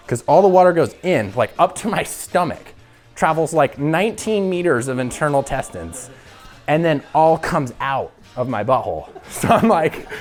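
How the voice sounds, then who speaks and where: Young guy, crude animated storyteller, lively pitch. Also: moderate pace, faint music behind. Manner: animated, crude, laughing often. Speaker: show regular. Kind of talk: casual storytelling.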